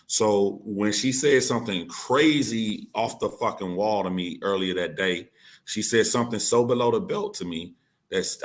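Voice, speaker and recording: A man with a deep, low voice tells a heated story from his own life. He talks bluntly and swears freely, acting out what others said and pressing the same points again and again to make sure they land. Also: a bit bright. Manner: insistent, repeating key points. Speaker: YouTuber telling his side of a dispute.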